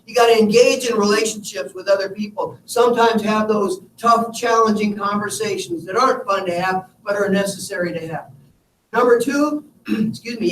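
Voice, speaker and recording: A man giving an energetic motivational talk to a live audience, telling stories and speaking to them directly. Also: high voice. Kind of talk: live keynote talk with slides. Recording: echoey hall from far off with faint room noise.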